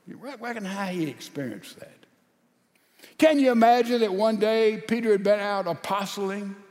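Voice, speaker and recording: A high-pitched male preacher delivering a sermon slowly and deliberately. He acts out a story, climbing to loud emphatic peaks and then dropping to hushed asides. A long reverb hangs on every phrase. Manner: dramatic storytelling, swinging from loud emphasis to near-whispers.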